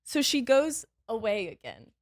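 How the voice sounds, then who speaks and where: Animated woman telling a story, dry close mic. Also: on the high side, measured pace, no echo. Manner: animated, laughing through a dramatic story. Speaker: podcast guest. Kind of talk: casual storytelling chat.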